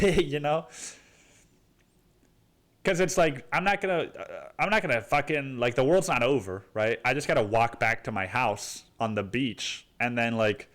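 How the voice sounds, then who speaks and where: A young man hosting his own podcast, rambling and swearing casually, saying "dude" constantly and jumping into mock voices. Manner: animated, jumps into high mock voices. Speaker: podcast host. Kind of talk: casual solo podcast monologue.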